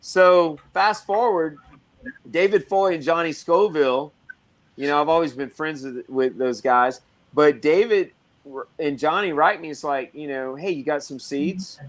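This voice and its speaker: A man's voice: fairly high pitch, a little slow. A man being interviewed as a guest on a casual podcast, rambling through stories with many restarts and fillers and acting out other people's lines as he goes. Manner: rambling, full of "you know" and restarts. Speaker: pepper breeder, guest.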